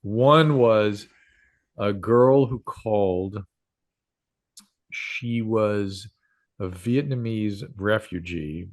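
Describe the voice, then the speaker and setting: An older man in his sixties, a doctor and radio host, telling stories as an interview guest in a rambling way, with many fillers and restarts. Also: lowish voice. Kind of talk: casual interview storytelling.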